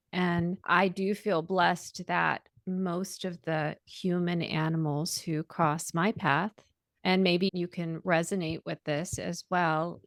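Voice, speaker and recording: Low gravelly woman hosting a podcast. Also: no room sound, studio quality. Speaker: podcast host. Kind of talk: casual interview talk.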